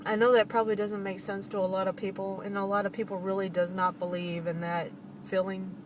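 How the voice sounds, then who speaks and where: A middle-aged woman telling a personal story straight to her listeners, animated and laughing often. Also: mid-range voice, brisk, far from the mic, slight background noise. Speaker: vlogger.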